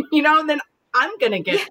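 A woman's voice: high voice, big pitch swings, normal speed, bright, forceful tone, poor audio. A woman in her forties, a podcast guest, telling combative stories in a brash, profane way. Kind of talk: casual chat.

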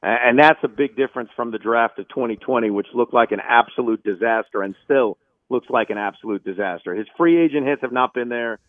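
A man's voice: medium pitch, fairly quick, no echo. A man who is a sports radio host, giving emphatic, opinionated takes as an interview guest. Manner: emphatic, opinionated, animated bursts. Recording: tinny phone line.

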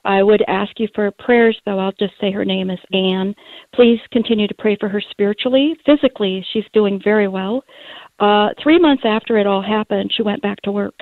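A woman from Minnesota calling a radio show, telling her story in a steady, matter-of-fact way. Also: mid-range voice, normal speed, dry recording. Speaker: radio caller. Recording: tinny phone line.

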